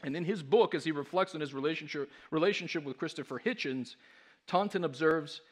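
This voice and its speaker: A man's voice: on the high side, brisk. A man preaching a sermon as pastor, emphatic, posing rhetorical questions to his congregation.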